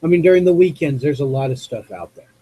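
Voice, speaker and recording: A man from the US West Coast hosting a live call-in show, talking off the cuff in a rambling, halting way as he searches for words. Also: on the high side, expressive, warm tone, a little hiss or hum, rough recording. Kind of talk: unscripted monologue to chat viewers.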